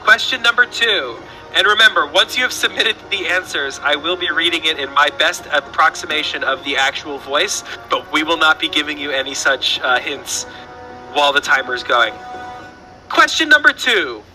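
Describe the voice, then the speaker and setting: A man's voice: on the high side, normal speed, pushed and bright, faint music behind, poor audio. A man hosting a casual trivia quiz stream, chatty and rambling, often restarting his sentences. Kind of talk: casual livestream chat.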